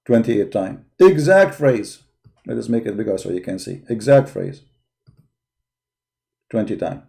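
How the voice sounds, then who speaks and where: A fairly low, warm, expressive male voice with vocal fry moves at a measured pace as its owner hosts a live call-in debate stream. Tired but combative, he mocks and insults opponents, repeating points emphatically while searching a website.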